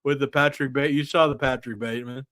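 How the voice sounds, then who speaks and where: A man's voice: mid-range voice, steady tone, quick pace, fairly bright tone, no room sound. Rambling man hosting a podcast. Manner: rambling, absurd tangents. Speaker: podcast host. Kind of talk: casual podcast chat.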